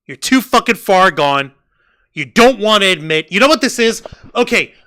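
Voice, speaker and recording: A man co-hosting a wrestling review podcast, ranting loudly with plenty of profanity. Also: sits high, sing-song, normal speed. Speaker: co-host. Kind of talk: casual wrestling review chat.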